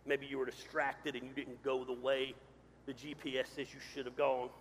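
A man preaching a sermon as pastor, swinging from loud to quiet. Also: mid-range voice, level tone, normal speed, slight background noise. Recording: hall reverb.

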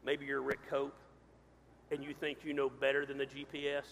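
A man preaching a sermon as pastor, swinging from loud to quiet. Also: medium pitch, completely flat delivery, moderate pace, gravelly, slight background noise. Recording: hall reverb.

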